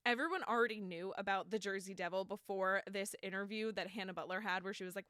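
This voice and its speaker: A woman's voice: medium pitch, fairly even intonation, fast, few pauses, sharp tone, no room sound, clean studio sound. A woman hosting a solo podcast, telling a folklore story in a chatty, sarcastic way with lots of filler words. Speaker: podcast host.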